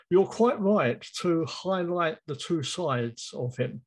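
Husky, higher-voiced man. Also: animated, poor audio. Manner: thoughtful, measured, repeats phrases. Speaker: guest, drama writer. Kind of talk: interview conversation.

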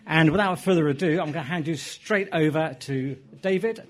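A man's voice: on the high side, moderate pace. An enthusiastic, jokey man hosting a society meeting, introducing the guest speaker to a live audience in a hotel function room. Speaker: event host introducing the speaker.

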